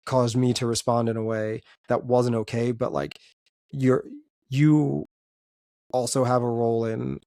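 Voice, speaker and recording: A man in the middle of the pitch range, speaking as a podcast guest. He talks in loose, rambling sentences full of fillers, open and self-reflective. The sound is dry and close, with no room around him. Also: mellow, dry recording. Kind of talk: casual podcast chat.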